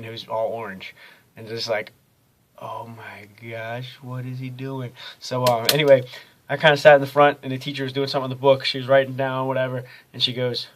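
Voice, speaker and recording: Young guy, college student vlogger, laid-back rambling daily diary, mid-pitched voice. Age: young adult. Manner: rambling, easygoing, many ums and uhs. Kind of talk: casual daily video diary.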